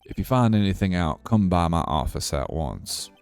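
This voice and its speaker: A man voicing a pompous, creepy older lawyer with a slow drawl. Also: deep voice, sing-song, darkish tone, smooth, faint music behind. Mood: smarmy.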